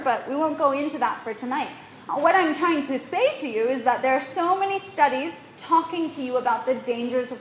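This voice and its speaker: Woman presenter, slight foreign accent, high voice, engaging lecture style, echoey room recording. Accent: non-native accent. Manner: animated, quizzes the audience, frequent "right?". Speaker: workshop presenter. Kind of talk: lively lecture to a live audience. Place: room in Bali. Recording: echoey room, faint room noise.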